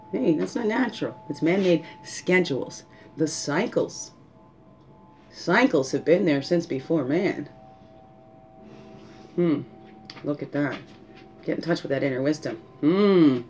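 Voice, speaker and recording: A woman hosting a spiritual guidance talk, musing aloud and asking rhetorical questions, often tagging "right?" and a soft "hmm". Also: sits low, slight background noise. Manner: musing, asks rhetorical questions, adds 'right?' and 'hmm'. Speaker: spiritual guidance show host.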